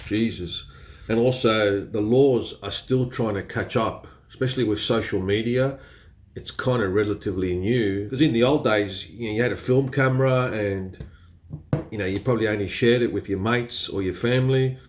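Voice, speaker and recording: Laid-back Australian man, slightly low voice. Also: moderate pace. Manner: chatty, laughs often, mild swearing. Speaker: photography vlogger. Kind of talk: casual explainer talk to camera.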